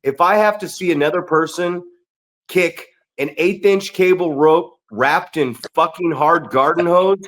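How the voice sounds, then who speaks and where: A middle-aged man with a voice pitched a touch high, speaking in a relaxed podcast conversation. He explains things bluntly and swears freely, like a seasoned trainer. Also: measured pace, a little hiss or hum. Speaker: veteran wrestler and trainer. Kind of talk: casual podcast chat.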